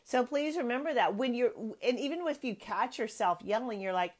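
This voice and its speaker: A woman's voice: fairly high pitch, expressive, normal speed. Earnest, emphatic woman podcast host. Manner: emphatic, repeats key phrases, conversational and earnest. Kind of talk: motivational parenting podcast talk.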